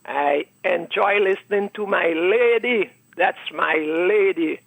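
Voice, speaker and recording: A man's voice: high voice, slow. A man calling into a radio show, speaking in long run-on sentences and giving blessings. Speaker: caller. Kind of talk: phone-in call. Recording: rough phone line with beeping.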